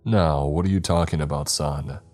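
A man voicing a stern older father who gives gruff commands, in a very deep voice. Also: fairly even intonation, normal speed, darkish tone, faint music behind. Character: stern older father, former policeman, angry.

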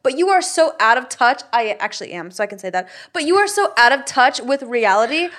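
A woman's voice: on the high side, big pitch swings, a little fast, fairly bright tone. A woman guest co-host on a podcast, talking in a heated, profane, ranting way. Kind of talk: casual chat.

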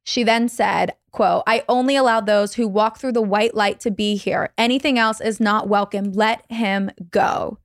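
Woman guest, storyteller, measured creepy delivery, dry close mic, mid pitch. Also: fairly even intonation, dry recording. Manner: reads a listener's story slowly and dramatically. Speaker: podcast guest telling a scary story. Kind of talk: casual storytelling on a video call. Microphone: video call.

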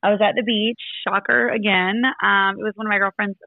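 A woman in her thirties co-hosting a casual chat podcast, a little raspy, playful and laughing as she tells stories. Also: medium pitch, fairly even intonation, a little fast, no echo. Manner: playful, storytelling, laughs often. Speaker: podcast co-host. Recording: tinny phone-like remote line.

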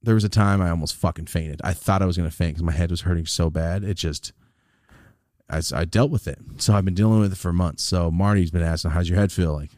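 This man's deep voice moves at a quick clip in a clean studio recording with no echo. Still recovering from a sinus infection, he hosts a podcast with casual, profanity-heavy chat, animated storytelling, and acted-out quotes.

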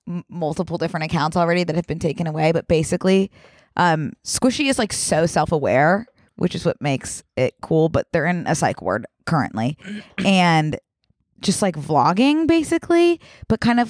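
A woman's voice: on the low side, no echo. Easygoing woman chatting in a dry room. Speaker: podcast co-host. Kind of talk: casual chat.

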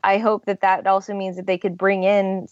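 A woman guest critic speaking in an articulate, quick way on a podcast. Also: mid-range voice, flat delivery, no echo, lo-fi sound. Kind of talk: casual chat.

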